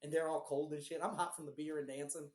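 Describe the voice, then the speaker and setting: Hoarse, profane man in a roomy room. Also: a little high, fast. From Houston, Texas. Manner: profane, rambling, animated storyteller. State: hoarse, recovering voice. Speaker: podcast co-host. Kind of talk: casual chat, storytelling.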